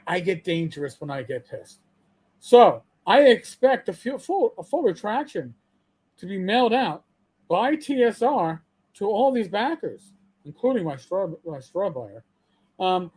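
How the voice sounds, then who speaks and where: A man's voice: sits high, a little mellow, husky. Worked-up man ranting on his podcast. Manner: profane, repeats himself when angry; stammering restarts. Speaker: channel host. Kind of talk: heated podcast rant.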